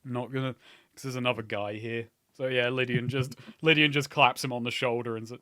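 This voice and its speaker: A man's voice: mid-range voice, fairly even intonation, fairly quick, bright, forceful tone. A man playing a tabletop game, voicing his character with theatrical flair. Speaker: player.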